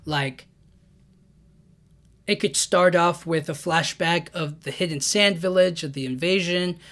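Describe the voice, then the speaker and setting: A man's voice: a little high, a little slow, fairly bright tone. A young man casually recapping a comic chapter, rambling with many 'you know what I mean' fillers. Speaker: manga breakdown YouTuber.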